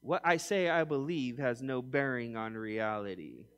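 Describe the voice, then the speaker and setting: A man in his forties preaching a sermon, emphatic, swinging between loud punchy lines and quiet low ones, acting out mock quotes with humor. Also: unhurried, clean tone. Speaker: pastor.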